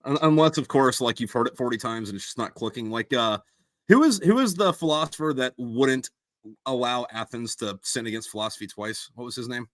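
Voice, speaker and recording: Talking through his own books on a casual live stream, the host and author rambles, belittles himself, and restarts often, peppering his speech with fillers. He has a medium-pitched voice, lively intonation, and a fairly quick pace, with no echo.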